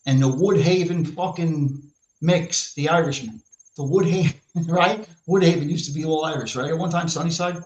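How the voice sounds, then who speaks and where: A man's voice: fairly high pitch, steady tone, normal speed, a little mellow. A man with a New York accent ranting brashly and profanely as a podcast host in casual chat. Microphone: live stream mic. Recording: echoey lo-fi room sound.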